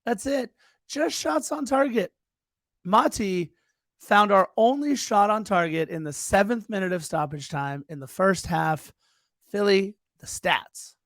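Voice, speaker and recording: A man's voice: high voice, a little slow, no echo, studio quality. A man co-hosting a podcast, eagerly retelling match moments in casual soccer chat. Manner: eager, excitable play-by-play retelling. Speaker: podcast co-host.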